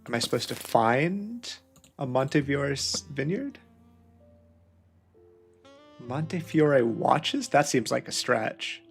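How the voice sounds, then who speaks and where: A man's voice: medium pitch, very animated, takes it slowly, vocal fry, pauses often, soft background music. A man playing a detective puzzle game, thinking aloud and muttering questions to himself as he works through the clues. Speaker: let's play host.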